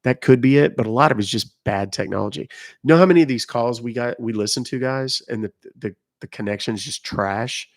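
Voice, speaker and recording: A man's voice: medium pitch, a little fast. A man hosting a live stream, chatting casually with viewers, reading out their comments and explaining phone and email rules. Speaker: livestream host.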